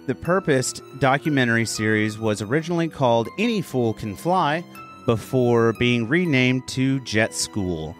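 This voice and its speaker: A man co-hosting a casual podcast, reading news items aloud, joking and swearing as he goes. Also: mid-range voice. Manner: laughs often, swears, breaks into a joking accent. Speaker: podcast co-host.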